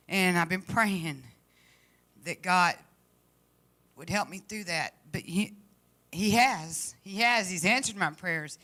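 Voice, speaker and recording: A woman giving a heartfelt, halting personal testimony to a church congregation. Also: medium pitch, bright, forceful tone. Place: church service.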